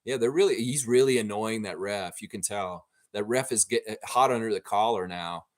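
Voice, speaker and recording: Hosting a livestream watchalong, a man reacts live to a basketball game, opinionated and excitable, openly cheering for his team. His voice is on the low side and his pace moderate.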